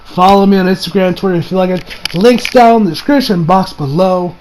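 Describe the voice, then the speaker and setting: A man giving a casual, excited review of an anime episode, often laughing and acting out lines from the show. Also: high voice, brisk, slight background noise, low-quality recording. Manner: excited, laughing, acts out quotes in funny voices.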